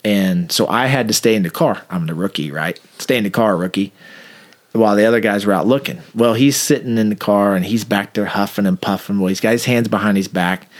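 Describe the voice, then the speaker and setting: A former police officer telling a funny story in a wry, conversational manner. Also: male voice, lowish voice. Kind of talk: anecdotal interview storytelling.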